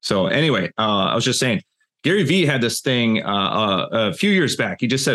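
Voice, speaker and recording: A man's voice: medium pitch, big pitch swings, normal speed, bright, forceful tone. A man co-hosting a casual podcast over a video call, talking emphatically and often repeating his first words. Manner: emphatic, repeats words when starting sentences. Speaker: podcast co-host.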